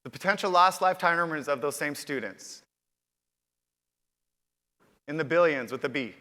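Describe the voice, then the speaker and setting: A man's voice: on the high side, moderate pace, sharp tone. Upbeat man giving a keynote in a hall. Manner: upbeat, addresses the audience directly with questions. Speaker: conference keynote host. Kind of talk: conference keynote speech. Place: large conference hall. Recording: reverberant hall with long echo.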